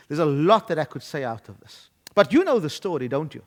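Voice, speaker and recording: A man delivers a sermon with a high-pitched, very animated voice, rising to loud, emphatic declarations. His voice carries a long reverb, as if filling a church hall. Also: a little fast, hardly any pauses. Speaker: pastor.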